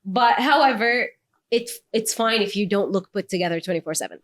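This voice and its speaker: A young adult woman, a news presenter, chatting as a podcast guest in an animated, laughing storytelling manner. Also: medium pitch, a little fast. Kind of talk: casual podcast chat.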